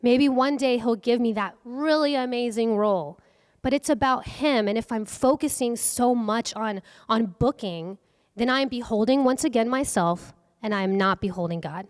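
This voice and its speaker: A woman's voice: fairly high pitch, normal speed. A young adult woman giving an earnest, conversational workshop talk on faith and acting, often asking her audience questions. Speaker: workshop speaker. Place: event hall. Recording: long hall reverb.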